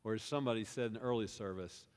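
A fairly low-pitched man talks fast as he preaches to his congregation. This pastor tells a scripture story with animation, using "we" to put listeners at the scene and firing questions at them, all captured in a reverberant church sanctuary.

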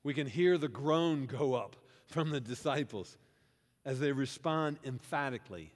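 A man's medium-pitched voice, a little slow, carries through a reverberant church hall. He is a pastor preaching to his congregation, vividly retelling a scripture story with "we" language as though they were witnesses, and questioning the listeners as he goes.

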